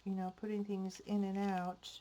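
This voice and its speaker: An older woman hosting a crafting channel, talking softly and thinking aloud as she decorates a project in her home craft room. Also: medium pitch, flat delivery. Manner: slow, soft-spoken, thinking aloud while working. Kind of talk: casual crafting narration.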